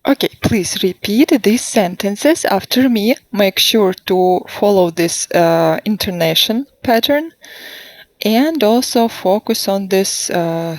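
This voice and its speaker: A woman teaching a grammar lesson online, slowly modelling sentences for students to repeat and asking them questions. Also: medium pitch, darkish tone, dry recording. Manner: slow, deliberate modelling of sentences for repetition. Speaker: English teacher. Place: online class.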